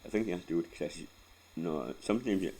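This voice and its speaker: Very deep gravelly Scottish man. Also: lively intonation, fast talker, dark tone, a little hiss or hum, poor audio. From Scotland. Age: 40s. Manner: rambling, sweary, laughs often. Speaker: vlogger. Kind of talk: casual storytelling.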